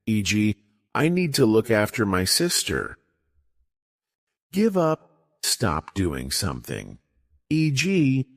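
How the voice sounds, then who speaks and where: A man reading a scripted English lesson with slow, deliberate delivery and strongly rising and falling pitch. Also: vocal fry, no room sound, clean studio sound. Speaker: English teacher.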